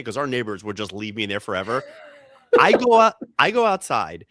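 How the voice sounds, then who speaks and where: Animated man telling a funny story. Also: fairly quick, no echo. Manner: animated, acts out quoted people with jumps in pitch. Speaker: podcast co-host. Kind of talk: casual comedic storytelling.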